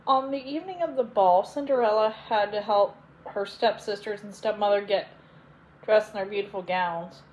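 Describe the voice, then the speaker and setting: A woman reading a children's fairy tale aloud as a bedtime story, in a gentle, clear read-aloud manner. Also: medium pitch, normal speed, slight background noise, low-quality recording. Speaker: storybook reader.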